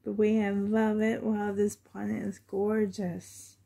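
A woman's voice: medium pitch, monotone, takes it slowly, vocal fry, warm tone. A woman vlogging as she unboxes a reborn doll, gushing fondly and often dropping to half-whispered asides. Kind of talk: unboxing vlog chat.

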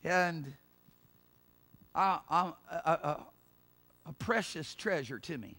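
A male pastor preaching a sermon, repeating his points, laughing and saying hallelujah, and rising to loud fervent cries of prayer. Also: fairly high pitch, slow.

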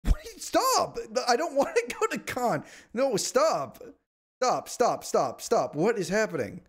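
A man streaming a strategy game, complaining in exasperated, whiny outbursts and sometimes shouting at the screen. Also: high-pitched, sing-song, slow pace, husky. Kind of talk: live gameplay commentary.

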